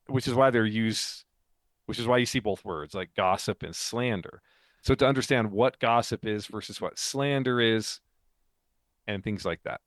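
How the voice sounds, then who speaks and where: A man's voice: fairly low pitch, moderate pace, fairly bright tone, dry recording. A man co-hosting a faith podcast, explaining ideas in casual chat, talkative and laughing often. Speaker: podcast co-host and author.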